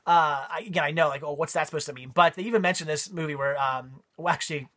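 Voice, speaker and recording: A man's voice: a little high, fast talker, pushed and bright. A man giving a casual spoken movie review, rambling with frequent ums and repeated words.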